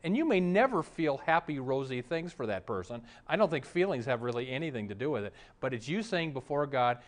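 A man's voice: mid-range voice, very animated, brisk, hardly any pauses. A middle-aged male pastor preaching a sermon, telling stories and briefly acting out the voices of the people in them. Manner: storytelling preacher, acts out quoted voices.

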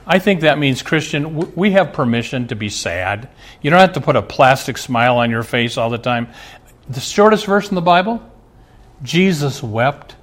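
A middle-aged male pastor preaching a sermon, earnest, asking the congregation rhetorical questions. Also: mid-range voice.

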